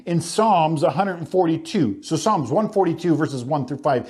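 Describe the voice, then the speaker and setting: A man preaching a sermon as pastor, earnest, slowing down on key phrases and speeding up in asides. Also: on the high side, lively intonation, a little mellow. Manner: earnest, swinging between slow emphatic phrases and quick asides.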